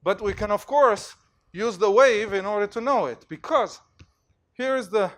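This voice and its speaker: A male university lecturer giving an animated lecture in a hall, telling stories and acting out examples with plenty of fillers. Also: sits high, moderate pace. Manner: animated storytelling, acts out cheers, many fillers.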